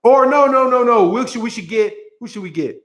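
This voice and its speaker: A man's voice: extremely high pitch, lively intonation, brisk, fairly bright tone. A man hosting a boxing channel, ranting casually in a rambling, sarcastic way, repeating words and breaking into laughs. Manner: sarcastic, mocking.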